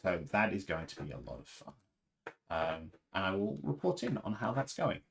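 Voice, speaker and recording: A man chats casually on his livestream, rambling with plenty of fillers. His voice sits fairly low. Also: wildly swooping pitch, moderate pace, gravelly, noisy background. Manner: rambling, chatty with fillers and laughs. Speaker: livestream host.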